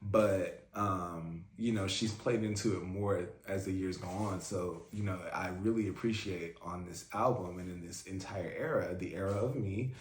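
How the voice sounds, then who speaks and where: A man's voice: deep voice, normal speed, few pauses, a little hiss or hum. A man hosting a casual album reaction, talking in a chatty, fan-like way with lots of fillers. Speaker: music reaction host. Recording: roomy echo, faint music.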